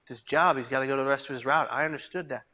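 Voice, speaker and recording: A man giving a personal testimony as a peer mentor, storytelling dramatically and swinging between hushed and loud delivery. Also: medium pitch, steady tone, very fast, dull audio. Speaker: peer mentor and suicide prevention speaker. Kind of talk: personal testimony to a live audience. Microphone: video call.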